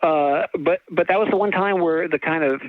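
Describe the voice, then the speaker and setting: A middle-aged man from California, an author telling a long story in an interview, halting with many restarts and fillers, laughing now and then. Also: a little high, no room sound. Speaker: author and guest. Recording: tinny phone-like line.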